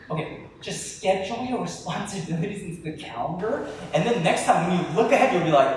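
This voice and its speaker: A male pastor preaching a sermon to a live audience, animated and chatty, talking straight to the crowd. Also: high-pitched, fast talker, hardly any pauses, slight background noise. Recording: echoey hall from far off.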